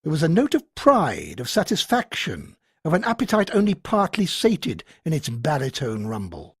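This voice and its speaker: A male audiobook narrator telling a tense science fiction scene with dramatic expression. His pitch moves in a lively way, and his voice has a slight husky edge. The recording sounds dry and close. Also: normal speed, no echo. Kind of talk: scripted narration.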